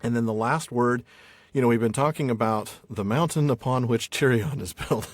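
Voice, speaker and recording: A man's voice: mid-range voice, moderate pace, no echo. An American man hosting a podcast, explaining things in a casual discussion with frequent fillers. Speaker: podcast host.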